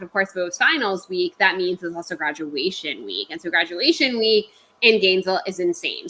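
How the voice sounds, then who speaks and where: Animated ranting woman, bright voice. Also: on the low side, rough recording. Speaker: podcast co-host. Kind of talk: casual storytelling chat.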